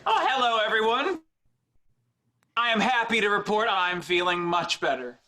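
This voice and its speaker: A man's voice: high-pitched, animated, moderate pace, sharp tone. An actor playing a fussy, self-absorbed man back from a cold, chipper and oblivious, in a sitcom scene. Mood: smug chipper. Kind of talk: sitcom acting. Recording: noisy clip played over a call.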